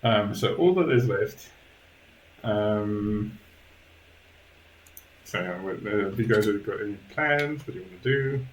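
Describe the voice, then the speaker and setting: A man narrating a tabletop game as game master, hesitant with many pauses and restarts. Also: fairly low pitch, animated, roomy sound, slight background noise, poor audio. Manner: hesitant, lots of ums and restarts.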